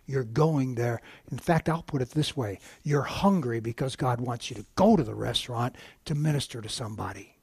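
A man's voice: mid-range voice, normal speed, vocal fry, few pauses, darkish tone, slightly rough, no room sound. A man giving a sermon as a guest preacher, telling a story with many restarts and asides to the congregation.

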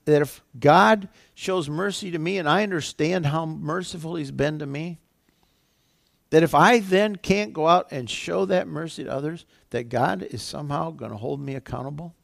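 A man's voice: fairly high pitch, moderate pace, gravelly, no echo, clean studio sound. A male pastor preaching a sermon, retelling scripture in a conversational, everyday way.

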